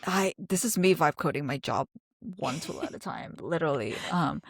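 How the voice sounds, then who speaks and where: A woman with a fairly low voice co-hosts a podcast in easy, casual chat. She talks with lots of fillers and restarts and laughs often. The sound is dry and close to the mic. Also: lively intonation, moderate pace, vocal fry, slightly rough, no echo. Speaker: podcast co-host.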